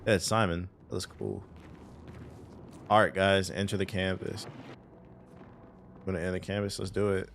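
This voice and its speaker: A man's voice: low voice, level tone, moderate pace, pauses often, slight background noise. A man streaming a video game live, commenting in an exasperated, swearing way. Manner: loud, exasperated, swearing, laughing outbursts.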